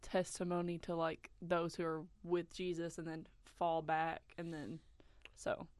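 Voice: mid-range voice, level tone, a little slow, clean tone. A radio co-host in casual chat, laughing easily and giving short agreeing replies.

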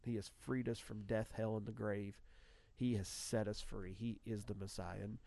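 A man hosting a radio talk show in casual chat, an animated storyteller with frequent restarts. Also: fairly low pitch, normal speed, vocal fry, no room sound.

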